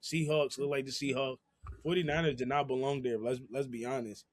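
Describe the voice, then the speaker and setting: A man's voice: mid-range voice, steady tone, a little fast, dry recording, studio quality. A young man co-hosting a casual sports podcast, talking in slang and often repeating his phrases. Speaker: podcast co-host.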